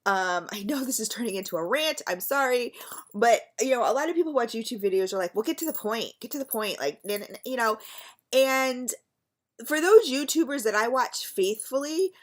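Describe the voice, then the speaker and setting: A woman's voice: a little high, animated, moderate pace. A middle-aged woman vlogging in a chatty, rambling way, gushing about a friend with many fillers. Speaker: beauty vlogger. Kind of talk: casual rambling vlog.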